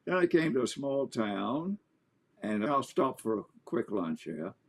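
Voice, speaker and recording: A man, an author and interview guest, telling anecdotes in an animated way. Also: medium pitch, unhurried. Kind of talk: storytelling in an interview.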